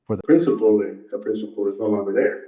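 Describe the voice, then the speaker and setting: A man in his fifties from Bolivia, a teacher and coach, telling stories in a relaxed interview and often repeating his answers. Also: lowish voice, fast talker, husky. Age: 50s. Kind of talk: casual interview.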